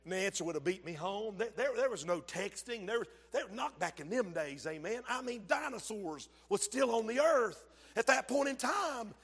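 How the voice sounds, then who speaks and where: A man preaching a fervent sermon, swinging from shouts to low asides and calling out to the congregation. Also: animated, moderate pace, few pauses, slightly rough. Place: church sanctuary. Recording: long hall reverb.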